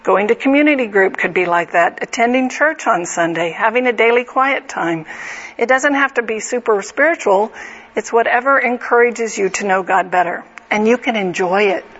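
A woman's voice: on the high side, normal speed, a bit bright, slightly rough. Earnest woman teaching a Bible study. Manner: earnest, conversational, asks the group direct questions. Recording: slightly dull lo-fi recording.

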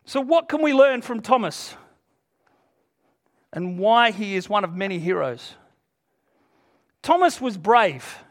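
A man with a strikingly high-pitched voice preaches an earnest, emphatic sermon. He retells scripture in plain, everyday words for his congregation. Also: sing-song, slow pace, pauses often.

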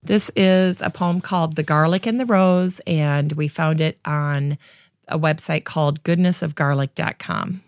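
A woman's voice: sits low, measured pace, no echo. A woman hosting a casual family podcast, introducing readings in a playful, upbeat way. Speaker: podcast host. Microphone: studio microphone with pop filter.

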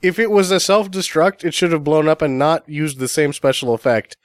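A man's voice: a little high, fairly even intonation, normal speed, dry recording. A man chatting casually about a film, dropping dry wisecracks. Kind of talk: casual chat.

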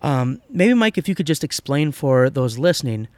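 A man's voice: medium pitch, moderate pace, no room sound. Guy chatting about church history, lots of ums and restarts, mid voice, dead dry room. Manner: conversational, lively, with fillers and self-corrections. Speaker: podcast co-host, pastor and teacher. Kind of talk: casual theological discussion.

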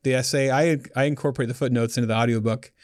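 A man's voice: mid-range voice, fairly even intonation, racing, no echo, clean studio sound. A man talking as an author guest in a casual chat, loose and joking, with many restarts.

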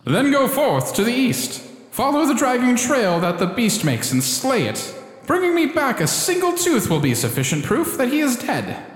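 A man's voice: wildly swooping pitch, normal speed, full character voice. A man voicing a self-important talking oak tree in a cartoon who makes grand proclamations and then grumbles about petty things. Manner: booming pompous proclamations that slip into casual complaining. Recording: roomy echo with long reverb.

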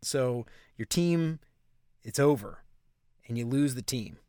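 Male podcast co-host, New Orleans accent, chatty and self-correcting, mid-pitched, dead dry room. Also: lively intonation, takes it slowly, a little mellow, clear, resonant tone, dry recording. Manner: rambling, laughs often, self-correcting. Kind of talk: casual chat.

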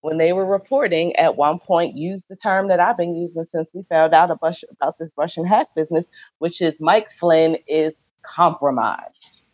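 A woman speaks earnestly on a podcast, taking her time over each point. Her voice is fairly low, and the recording sounds dull and muffled, with the top end missing. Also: fairly even intonation, moderate pace, darkish tone, dry recording. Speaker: podcast co-host. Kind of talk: casual chat.

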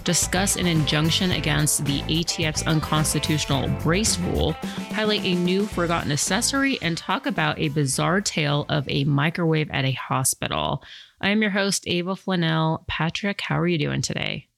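A woman's voice: deep voice, normal speed, vocal fry, music in the background. A woman hosting a podcast, chatting casually and rambling with lots of fillers. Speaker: podcast host.

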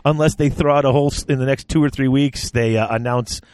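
A man's voice: medium pitch, fairly even intonation, fast talker, a little mellow, no echo. A man co-hosting a podcast in casual chat, rambling and restarting his sentences as he goes. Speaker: podcast co-host.

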